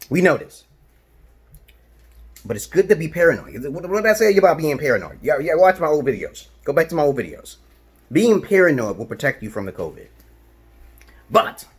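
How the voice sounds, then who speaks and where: A man's voice: fairly low pitch, husky. A man from Brooklyn, talking to camera in a rambling, profane, boastful monologue that drops to mutters and jumps to outbursts. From Brooklyn, New York. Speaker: video blogger.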